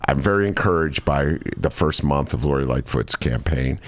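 A man hosting a casual political chat, animated and joking, slipping into mocking voices. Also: a bass voice, moderate pace, dry recording. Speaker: podcast host.

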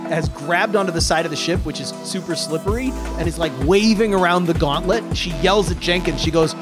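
A man's voice: high voice, a little fast, music in the background. Rambling man running a tabletop game. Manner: rambling, filler-heavy narration. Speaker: game master.

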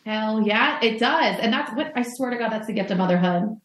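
A woman's voice: a little high, animated, a little fast, echoey room. A woman motherhood coach speaking candidly in a podcast interview, swearing casually and talking in metaphors.

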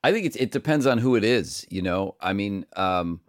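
A man's voice: lowish voice, moderate pace, dry recording, studio quality. A man who does comedy and voice work, telling stories loosely and swearing freely in a casual interview. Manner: animated, swearing storyteller. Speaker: comedian and voice actor.

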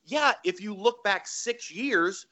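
Animated comedian telling a story, man. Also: sits high, takes it slowly. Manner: animated, acts out voices and sound effects. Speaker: comedian guest. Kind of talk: storytelling in casual chat.

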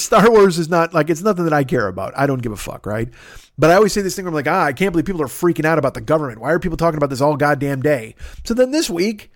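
A man hosting a podcast, ranting in a casual comedic monologue, swearing constantly and jumping into sudden high-pitched outbursts. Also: dry recording, studio quality. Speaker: podcast host.

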